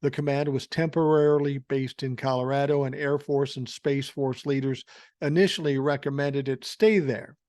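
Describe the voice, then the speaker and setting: An older male podcast host rants through political commentary, profane, sarcastic and mocking. His medium-pitched voice is a little mellow and steady in tone at a normal speed, on a dry, studio-quality recording.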